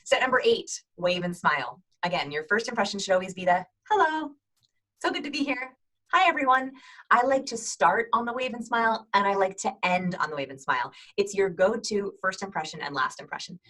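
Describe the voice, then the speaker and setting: Bright, fast-talking woman teaching. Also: mid-range voice, rough recording. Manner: energetic, demonstrates voices and greetings. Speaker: host giving video call tips. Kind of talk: upbeat instructional video.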